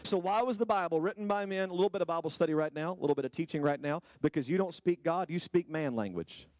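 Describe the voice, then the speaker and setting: A man preaching a sermon to a congregation, firing rhetorical questions and swinging from low, quiet lines to high, drawn-out exclamations. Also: no room sound. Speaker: pastor. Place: church hall with a congregation.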